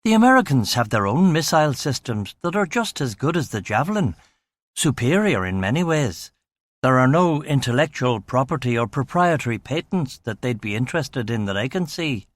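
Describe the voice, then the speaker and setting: A man reading an audiobook, voicing a cautious middle-aged factory manager who explains things in a measured, guarded way. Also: mid-range voice, very animated, dry recording, lightly acted.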